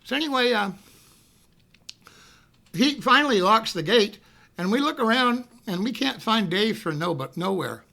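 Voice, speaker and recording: A middle-aged man with a high, gravelly voice tells a rambling anecdote in a loose, casual way. His tone is very bright and sharp, and he keeps checking in with the listener while acting out the quotes loudly. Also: lively intonation, normal speed, long pauses. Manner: rambling, repeats "you know what I mean", acts out quotes loudly. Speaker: storyteller.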